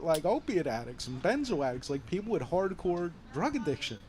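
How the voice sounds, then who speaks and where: A fairly high-voiced man tells his story in a relaxed, chatty way, full of energy. He acts out what the other people said and swears freely. There is a faint hiss of outdoor noise behind him. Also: brisk, few pauses. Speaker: guest telling his story. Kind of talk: casual chat.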